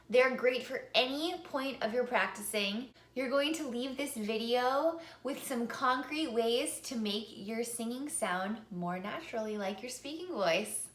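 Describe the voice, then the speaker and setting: A woman teaches singing to camera in a bright, upbeat voice that sits a little high. She moves from speaking into singing short phrases to demonstrate. The room adds a noticeable echo. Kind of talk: vocal lesson to camera.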